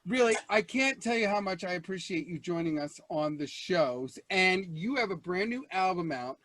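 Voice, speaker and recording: A man hosting a comedy talk show, a loud and showy emcee who rambles through jokes. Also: high voice, animated, moderate pace.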